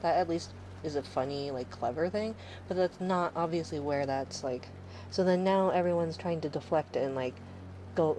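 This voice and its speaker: A woman's voice: low-pitched, normal speed, a little mellow, a little hiss or hum, poor audio. A woman in her thirties chatting casually on a live stream, rambling and sarcastic, swearing freely.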